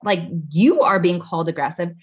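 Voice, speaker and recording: A woman's voice: on the low side, brisk. A woman co-hosting a casual chat, talking indignantly with lots of fillers and swearing. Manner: indignant, profane, filler-heavy talk.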